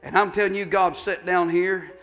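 A pastor preaching with folksy fervor, his voice sitting a bit high for a man. He tells stories and circles back over his own phrases. Soft music plays faintly beneath him. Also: steady tone, moderate pace. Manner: folksy, fervent storytelling with repeated phrases. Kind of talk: sermon.

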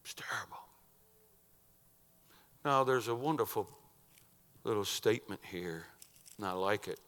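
A male preacher with a bright, forceful voice delivers a dramatic sermon in a church. He drops to hushed near-whispers and rises to loud, emphatic cries. His words carry a long reverb through the hall. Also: lowish voice, moderate pace.

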